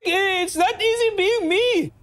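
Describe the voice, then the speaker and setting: A man's voice: extremely high pitch, slow pace, a bit bright, exaggerated voice. A man impersonating an indignant young woman who is touchy and complaining.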